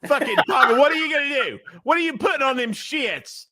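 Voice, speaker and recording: A man co-hosting a casual sports podcast, talking loud, swearing and acting outraged in jest. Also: very high voice, expressive, fairly quick, a loud crowd. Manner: loud, profane, mock-outraged. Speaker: podcast co-host.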